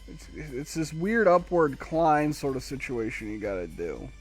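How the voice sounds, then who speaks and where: A man's voice: a little high, sing-song, a little slow, slightly rough, soft background music. A man streaming a video game live, rambling to himself with wry, casual commentary as he plays. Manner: rambling, self-talking, wry.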